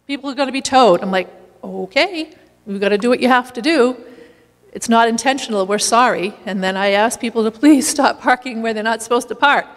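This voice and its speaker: A woman sharing a lively personal story in a church, laughing now and then as she talks. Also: on the high side, brisk, in a large hall. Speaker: community meal volunteer leader.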